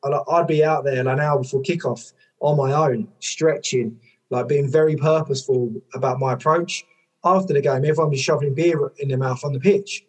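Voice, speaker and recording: A man, a former rugby player and coach, telling stories in a podcast conversation, lively, with lots of "like" fillers and casual swearing. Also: mid-range voice, a little fast. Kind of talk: conversational storytelling.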